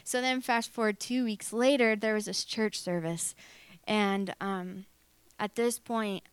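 A woman's voice: mid-range voice, steady tone, measured pace, clean tone, dry recording. A young woman sharing a personal testimony in a candid, filler-heavy way, acting out what people said. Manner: candid, filler-heavy storytelling with acted-out quotes. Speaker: speaker sharing her faith story.

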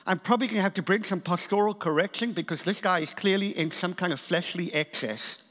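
A man's voice: high-pitched, brisk. A man preaching a sermon in a church, telling a story and acting out the people in it. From England and South Africa. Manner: animated storytelling preacher, acts out quotes. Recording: church hall reverb.

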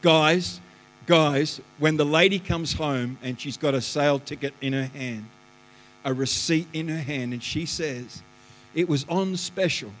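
A man, a pastor preaching a lively sermon that swings between loud bursts and hushed asides, in a church auditorium. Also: fairly high pitch, unhurried, slight background noise. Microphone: live stream stage mic. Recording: live church hall reverb.

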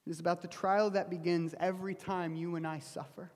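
Man, sermon, high voice, earnest, sinks to near whisper, long hall reverb. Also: flat delivery, brisk, darkish tone. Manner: earnest storytelling, rising then dropping to near whisper. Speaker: pastor.

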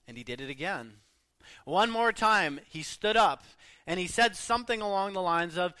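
A middle-aged man preaching a sermon in an earnest, emphatic way, pausing often and letting his endings trail off softly. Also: high voice, expressive, clean tone, no room sound.

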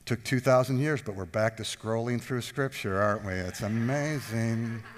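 A pastor preaching a sermon, joking and drawing the congregation in with questions. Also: male voice, medium pitch, moderate pace, long reverb tail, a little hiss or hum. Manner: jokey, talks with the congregation.

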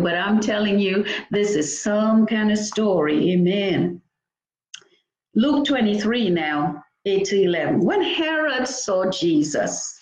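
A woman's voice: mid-range voice, darkish tone. Woman preacher, mid-range voice, reads scripture with fervent asides; roomy echo. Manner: reads scripture aloud with exclamations between verses. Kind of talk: scripture-reading sermon.

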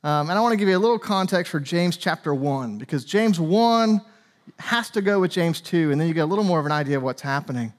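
A man in his forties with a high voice preaches a sermon as pastor. He keeps it loose and conversational, full of little fillers and asides. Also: expressive, fast talker. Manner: conversational and chatty, with frequent fillers.

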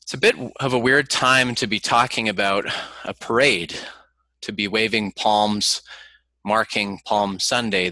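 Bright-toned man preaching, dry sound. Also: lowish voice, no echo. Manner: earnest, measured preaching with prayer. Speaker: pastor. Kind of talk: sermon. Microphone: computer mic, online service.

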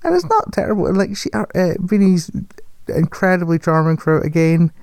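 Dark-toned chatty voice. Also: mid-range voice, sing-song, a little fast, no echo. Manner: rambling, self-correcting, laughs often. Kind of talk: casual film review chat.

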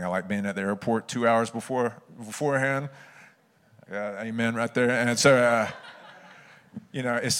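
A man's voice: mid-range voice, a bit bright. Man preaching a sermon. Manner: conversational storytelling, earnest.

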